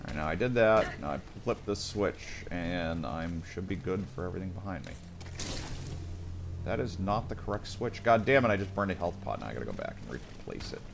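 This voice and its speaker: Chatty lower-voiced man streaming a game. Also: big pitch swings, brisk, gravelly, background noise. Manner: chatty, muttering to himself, swears when frustrated. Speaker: gaming streamer. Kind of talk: casual gameplay commentary.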